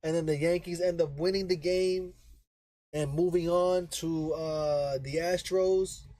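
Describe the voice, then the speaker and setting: High-voiced man chatting about baseball. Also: fairly even intonation, a little slow, mellow, no echo, rough recording. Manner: rambling, explains with frequent "right?" tag questions; repeats himself for emphasis. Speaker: baseball podcast host. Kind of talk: casual sports talk.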